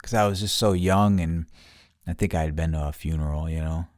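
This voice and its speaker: A middle-aged man on a podcast, casually telling a profane, animated story full of quoted voices. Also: a bass voice, fairly quick, no echo, studio quality. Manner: profane, animated retelling with quoted voices, turning quiet and somber. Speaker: podcast host.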